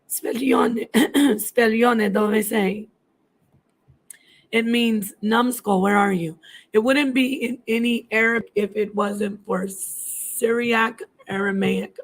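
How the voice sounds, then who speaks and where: A middle-aged woman hosting a casual live stream, chatting to viewers and switching between languages as she goes. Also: a little high. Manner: chatty, hops between languages while answering chat. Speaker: livestream host.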